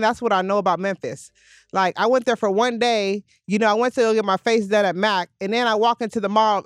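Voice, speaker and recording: A young adult woman from hosting an interview, telling a story in a casual, profane, animated way. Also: mid-range voice, no room sound, clean studio sound. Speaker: podcast host.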